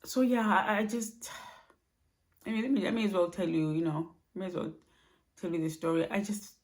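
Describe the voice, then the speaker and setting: Soft-spoken, halting woman vlogging at night. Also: lowish voice. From Australia. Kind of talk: personal late-night vlog. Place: home at night.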